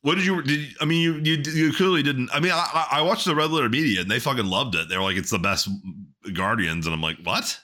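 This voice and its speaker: A man's voice: medium pitch, fast talker, sharp tone. A man co-hosting a casual podcast, crude and sarcastic, rambling through his points with many restarts. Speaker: podcast co-host.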